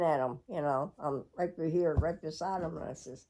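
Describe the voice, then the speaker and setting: A middle-aged woman vlogger tells her viewers a rambling, reflective personal story, laughing frequently. Her low-pitched voice has a dark tone with the highs cut off, and she speaks at normal speed with hardly any pauses.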